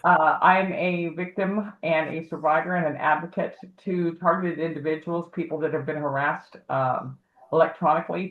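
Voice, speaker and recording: A woman guest telling a long story in casual livestream talk, rambling and acting out the voices of the people she quotes. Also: low voice. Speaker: guest, advocate for harassment victims. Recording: tinny phone-like echoey audio.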